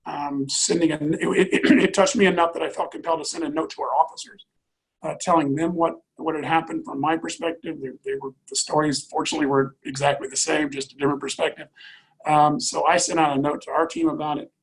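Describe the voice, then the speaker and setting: This middle-aged man's voice sits a little high for a man and has a husky, breathy edge. He tells a personal story as an interview guest, earnest and halting, often circling back with fillers and repeated words. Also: flat delivery, poor audio. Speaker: airline executive, interview guest.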